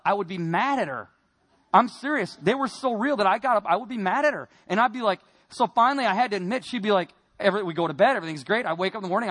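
A man from Wisconsin giving a personal testimony in a sermon, telling his story earnestly and moving between quiet and emphatic passages. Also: high voice.

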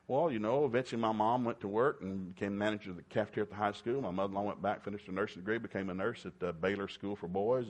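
An older man preaching a folksy sermon, telling homespun stories with lively, emphatic bursts. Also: lowish voice.

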